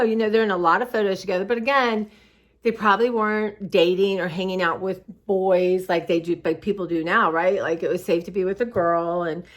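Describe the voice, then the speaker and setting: A middle-aged woman vlogging in a casual, rambling way, reflective and heartfelt, tired and close to tears. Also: medium pitch. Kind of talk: casual personal vlog chat.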